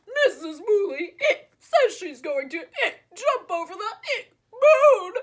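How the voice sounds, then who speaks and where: A woman's voice: very high voice, sing-song, slow, pitched above the performer's own voice, exaggerated voice. A woman voicing a male farm horse in a storybook read-aloud, laughing breathlessly through his words.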